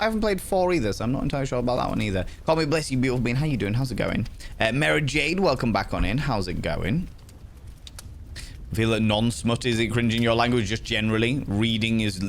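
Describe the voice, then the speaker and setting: A young man hosts a livestream, chatting casually and reading viewers' comments aloud while greeting them by name. His voice is fairly low, and the recording carries a little hiss or hum.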